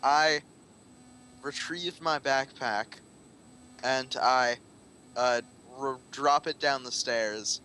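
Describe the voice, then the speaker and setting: A man playing a tabletop game, describing his character's moves in a halting, joking way with lots of fillers. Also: mid-range voice, pushed and bright, a little hiss or hum, low-quality recording. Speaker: player. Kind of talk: casual tabletop game chat.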